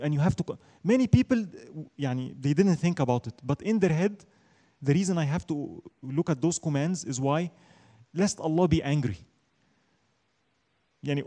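Teaching a religion class, this Islamic studies teacher speaks in an emphatic lecturing style and tends to answer his own questions. He has a high voice for a man, dark and mellow in tone, and moves quickly through Arabic verses.

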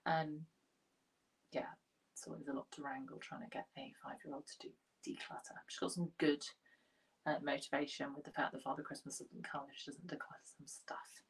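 A woman's voice: low-pitched, little pitch movement, fairly quick, distant mic, poor audio. A British woman in her thirties chatting casually and mocking herself as she tidies a bedroom chest of drawers. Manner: chatty, self-mocking, talks to herself while sorting. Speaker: decluttering vlogger and lifestyle coach. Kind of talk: casual chat while tidying. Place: bedroom at home.

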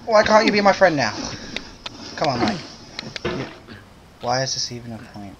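A man with a mid-range, sing-song voice speaks at normal speed while giving gameplay commentary as a gamer, exclaiming and pleading with the game in exasperation. Loud noise and clicks come through his dull lo-fi mic.

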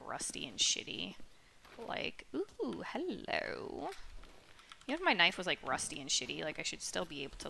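Swearing woman gamer, lively pitch. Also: gravelly, very noisy. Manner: swears often, exasperated, drops into whispers. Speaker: gameplay streamer. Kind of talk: casual gameplay commentary.

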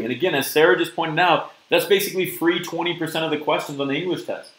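A man's voice: on the high side, a bit bright, echoey room, low-quality recording. A man teaching a live-streamed test prep lesson, upbeat and often checking in with "okay?" and "right?". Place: virtual classroom stream.

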